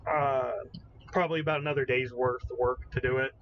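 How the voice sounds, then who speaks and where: A man co-hosting a casual podcast, excitable and prone to swearing and exclaiming in disbelief, on a slightly muffled recording with faint noise. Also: mid-range voice, a little fast. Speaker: podcast co-host. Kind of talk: casual chat.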